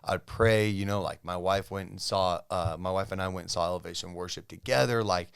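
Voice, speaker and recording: A man's voice: low-pitched, steady tone, fairly quick, creaky, clear, resonant tone, no room sound, studio quality. A man from Southern California, a podcast guest telling his story in a casual, laid-back way, filling his talk with "dude", "bro" and "like". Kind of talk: casual testimony chat.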